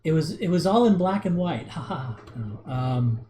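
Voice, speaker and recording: A man's voice: a little high, expressive, moderate pace, background noise. A man in his thirties hosting a casual livestream, reading viewer comments and rambling with many restarts and chuckles. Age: 30s. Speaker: livestream host.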